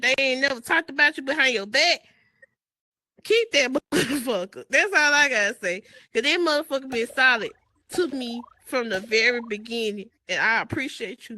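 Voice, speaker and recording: A woman's voice: sits high, bright, forceful tone, no room sound. A woman, co-hosting a podcast in casual chat, heartfelt and laughing often as she thanks her partner. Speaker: podcast co-host.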